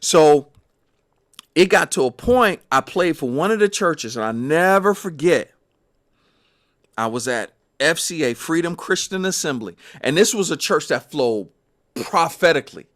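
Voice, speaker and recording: Casting note: gospel musician, male, higher register, lively and emphatic when recounting stories. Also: measured pace. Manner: animated, emphatic storyteller. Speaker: gospel musician and podcast guest. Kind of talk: personal storytelling in conversation.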